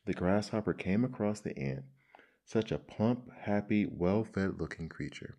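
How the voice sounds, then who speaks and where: A man reading fables aloud in a measured, expressive storybook style. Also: lowish voice.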